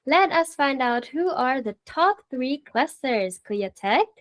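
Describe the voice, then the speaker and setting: A woman's voice: high voice, lively intonation, slow pace, a bit bright. A woman hosting a live radio talk show, cheerful and laughing often.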